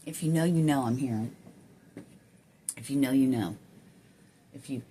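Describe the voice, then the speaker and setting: A woman's voice: a bass voice, warm tone, slight background noise. A woman talking on her own in a casual spiritual vlog, rambling and swearing with many restarts, recorded on a phone. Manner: rambling, swears, laughs to herself, halting restarts. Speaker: spiritual vlogger. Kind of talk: casual spiritual monologue to camera.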